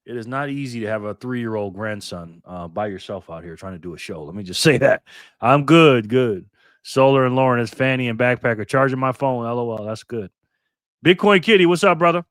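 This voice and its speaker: An older man runs a casual live stream, calling out viewers by name in bursts of loud cheer. In between he drops to low mutters while he works his phone, and his mid-pitched voice sits dry and close to the mic. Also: lively intonation, brisk, no echo.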